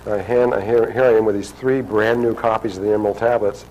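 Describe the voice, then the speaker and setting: A man's voice: lowish voice, little pitch movement, fast talker, a little mellow, highs cut off, slight background noise. Man telling a story conversationally. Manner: conversational, acts out quoted dialogue. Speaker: speaker telling a personal story. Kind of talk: storytelling talk to an audience.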